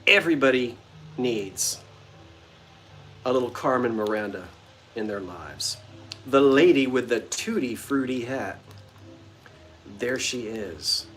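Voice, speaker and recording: A man's voice: medium pitch, a bit bright. A man hosting a casual livestream sale of vintage goods from his front porch, chatting playfully with viewers and greeting them by name. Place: front porch of an old bungalow.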